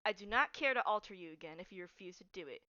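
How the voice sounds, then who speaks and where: A woman's voice: medium pitch, animated, quick pace, bright, forceful tone, no room sound, dull audio, pitched below the performer's own voice. A woman voicing a cold, ruthless woman ruler who gives stern, clipped commands. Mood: threatening.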